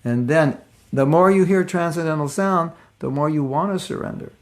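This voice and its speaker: An older man teaching a relaxed spiritual class, telling stories and acting out the voices of people in them. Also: fairly high pitch, moderate pace. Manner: conversational storytelling, acts out voices of people in his stories. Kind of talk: casual devotional lecture.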